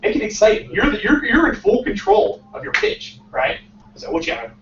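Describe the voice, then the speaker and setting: A young man with a high, bright-pitched voice gives an energetic, casual motivational talk as a startup founder. He keeps checking in with the audience by tagging his points with "right?". He is picked up from across an echoey lecture room, and the sound is muffled, with a faint hiss underneath. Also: normal speed, recorded from a distance. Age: 20s. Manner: energetic, peppers lines with "right?".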